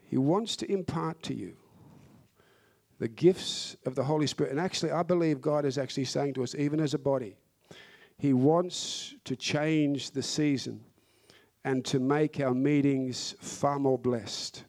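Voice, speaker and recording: A man's voice: mid-range voice, measured pace, darkish tone. A man preaching a sermon, fervent and emphatic, repeating phrases to drive points home.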